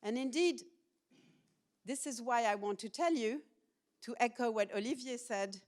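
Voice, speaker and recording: A middle-aged woman, a professor, giving a public university lecture to students in a hall, talking in a lively, personal way and asking the audience questions. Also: fairly high pitch, moderate pace.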